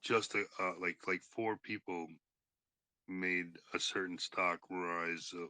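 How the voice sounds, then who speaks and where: A man chatting casually on a podcast, talking hesitantly with many pauses. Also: deep voice, fairly even intonation, bright, forceful tone, dry recording. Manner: hesitant, full of fillers and restarts. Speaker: podcast participant. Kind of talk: casual chat.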